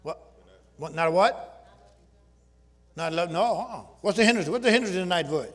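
A man preaching a sermon to his congregation, using call-and-response and shouting at the peaks. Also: sits high, lively intonation, moderate pace. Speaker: pastor. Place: church sanctuary with congregation.

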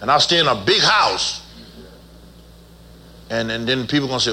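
A man's voice: medium pitch, lively intonation, moderate pace, bright, forceful tone. A man preaching as a pastor, folksy and teasing, leading his congregation in call-and-response. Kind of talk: sermon.

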